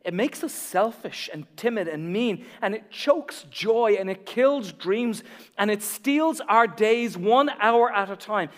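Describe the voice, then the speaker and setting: High-voiced man preaching in a big hall. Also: animated, a little slow. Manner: emphatic, repeats key lines, drops to near whisper then builds. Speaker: pastor. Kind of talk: sermon. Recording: long reverb of a large hall.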